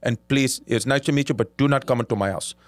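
A strict, protective older Indian father in an Indian accent, clipped and formal, as a comedian puts him on. His voice sits low and firm, dry with no room echo. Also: fast, natural voice.

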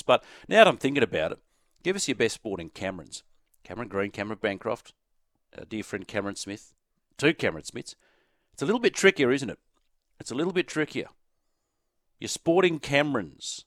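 An Australian man hosting sports talk radio, chatting quickly and inviting listeners to send in texts. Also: lowish voice, animated, fairly bright tone, no echo, clean studio sound. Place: radio studio. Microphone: studio microphone.

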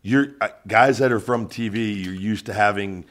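A man with a low-pitched voice hosts a casual podcast chat. He is blunt and joking, and he swears and reacts quickly. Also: fairly bright tone. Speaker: podcast host and wrestler.

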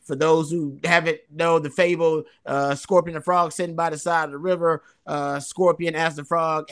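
Man, high voice, sports podcast co-host, casual analysis, emphatic repetition. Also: level tone, normal speed, hardly any pauses, a bit bright, smooth. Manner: emphatic, repeats phrases for stress.

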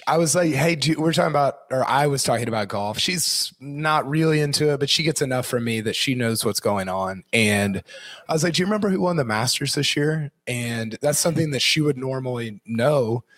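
A hoarse man co-hosting a podcast, talking eagerly and rambling about his new book. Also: mid-range voice, moderate pace, a bit bright, no echo. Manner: eager, rambling, many restarts. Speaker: podcast co-host and author. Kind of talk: casual podcast chat.

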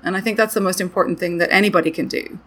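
A young woman with a somewhat low voice chats casually as a podcast co-host. She talks animatedly, scatters "like" through her sentences, and her pitch jumps up when she gets excited. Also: racing, slightly rough. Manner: animated, chatty, many "like" fillers. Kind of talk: casual chat.

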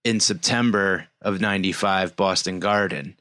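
A man's voice: sits low, moderate pace, pushed and bright, dry recording. A man in his forties co-hosting a podcast, telling rambling stories in casual chat with lots of fillers. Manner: rambling storyteller, frequent fillers. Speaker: podcast co-host.

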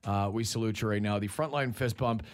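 A man's voice: fairly low pitch, background noise. A man hosting a morning radio show, joking and rambling in casual banter with his co-hosts. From Canada. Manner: joking, rambling, quick laughs.

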